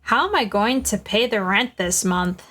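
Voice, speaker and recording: A woman's voice: mid-range voice, animated, normal speed, a bit bright. A woman voicing a young male lawyer who is anxious and broke, reading game dialogue aloud on a stream. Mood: worried.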